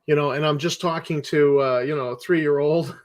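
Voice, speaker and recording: A co-host joining a casual livestream chat, chiming in with supportive comments. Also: female voice, low voice, fairly even intonation, moderate pace. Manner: supportive, chatty interjections.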